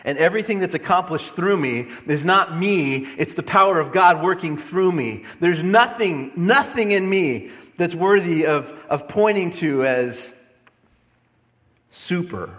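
Pastor guy preaching hard, kinda high voice, long echo in a big church. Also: expressive, a little slow. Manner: passionate, swings between loud emphatic lines and quiet low ones. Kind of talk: sermon. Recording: long hall reverb.

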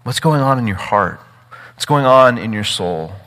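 A man preaching a sermon with emphatic, animated delivery, often repeating words and building to urgent peaks. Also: mid-range voice, normal speed, in a large hall, poor audio. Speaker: pastor.

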